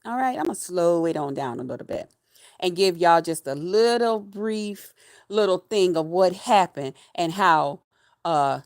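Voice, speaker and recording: A woman's voice: on the low side, no echo. Taunting woman on a dry mic. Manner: taunting, laughing, emphatic; slangy, repeats phrases. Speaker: livestreamer. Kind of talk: mocking rant to viewers.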